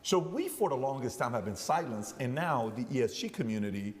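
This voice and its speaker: In a big-sounding room, a thirty-something man hosts a laid-back podcast conversation, wandering from point to point and performing the voices of anyone he quotes. He speaks at a medium pitch with a brisk, sing-song delivery.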